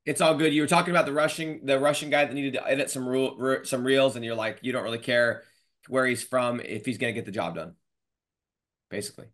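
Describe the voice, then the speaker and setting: Energetic slangy man hosting a podcast. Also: medium pitch, fast talker. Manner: energetic, slangy, says dude and bro. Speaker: podcast host. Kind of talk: casual interview chat. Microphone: video call.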